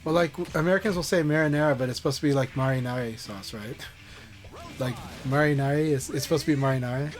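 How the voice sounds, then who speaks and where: A man's voice: medium pitch, fast talker, soft background music. A man live-streaming a fighting game, chatting casually and encouragingly with viewers.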